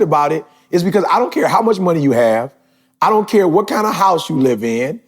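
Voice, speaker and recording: Man, 40s, podcast host. Gravelly, slightly high-pitched, emphatic and rising. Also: expressive, brisk. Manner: emphatic, building to shouts. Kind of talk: casual podcast talk.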